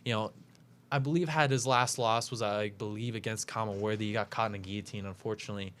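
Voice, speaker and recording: A podcast host making fight picks breaks down upcoming bouts on a casual talk show, full of fillers and self-corrections. His voice is on the low side and fairly bright, with fairly even intonation and a fast pace. Slight background noise is present.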